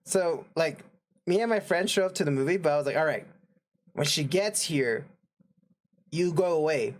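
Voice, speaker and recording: A man's voice: fairly high pitch, normal speed. Rambling young man telling a story. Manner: rambling, filler-heavy, laughing storyteller. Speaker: podcast co-host. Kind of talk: casual storytelling chat.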